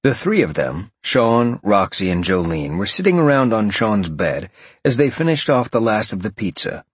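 A man narrating adult fiction in a slow, measured audiobook style, recorded close on a studio mic. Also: lowish voice, big pitch swings, breathy edge, no echo.

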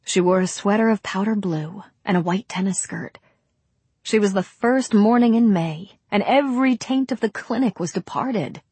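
A woman reading a novel aloud as a narrator, in a measured, unhurried way. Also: mid-range voice, darkish tone, breathy edge, no room sound. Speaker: audiobook narrator. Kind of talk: scripted narration.

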